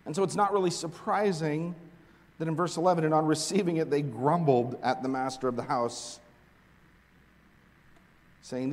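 A man preaching a sermon, reading scripture aloud and explaining it, swinging from hushed asides to loud, emphatic points. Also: on the high side, moderate pace, long pauses. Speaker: pastor. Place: large hall with long reverb. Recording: echoey hall recording.

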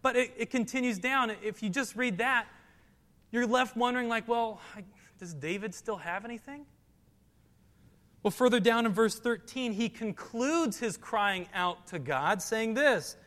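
A man's voice: sits high, normal speed, sharp tone. A man preaching a sermon, reading scripture aloud and building to emphatic, rising passages. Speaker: pastor. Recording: long hall reverb.

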